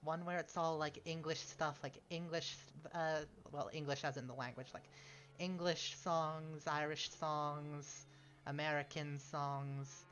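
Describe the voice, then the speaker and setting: Playing a strategy game on stream, a man chats a little slowly in a level, somewhat high and a bit bright voice, rambling, correcting himself and chuckling in asides. There's slight background noise, slightly dull stream audio and faint game music.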